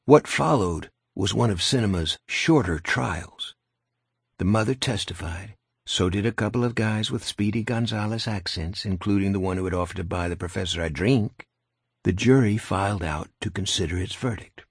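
A man's voice: fairly low pitch, normal speed, husky, no room sound. A man narrating an audiobook in a dry, wry storytelling manner, close to the mic. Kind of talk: scripted narration.

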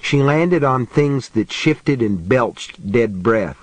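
A man giving a steady, measured reading of a horror story. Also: medium pitch, no room sound. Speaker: audiobook narrator. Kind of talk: scripted horror narration.

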